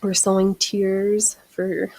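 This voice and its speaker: A woman's voice: level tone, slow pace, darkish tone, low-quality recording. A woman hosting a casual sewing stream, chatting and joking about herself as she stitches. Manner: chatty, self-mocking, talks to her cat in a high baby voice. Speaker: channel host. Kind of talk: casual sewing livestream chat.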